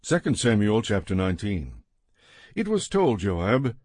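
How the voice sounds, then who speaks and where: Man giving a measured scripture reading. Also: fairly low pitch, big pitch swings, a little mellow, no echo, studio quality. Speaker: scripture reader.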